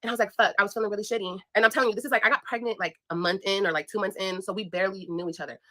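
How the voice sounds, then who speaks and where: Fast, bright-voiced young woman vlogger. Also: mid-range voice, steady tone. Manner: blunt, profane, emphatic, addresses viewers directly. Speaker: vlogger telling a story. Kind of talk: casual storytime monologue.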